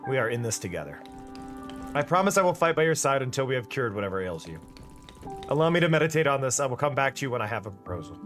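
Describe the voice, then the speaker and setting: A man voicing an earnest young warrior who speaks formally and gravely. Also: mid-range voice, very animated, fast, fairly bright tone. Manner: formal and grave, speaks in lofty pep talks. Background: faint music.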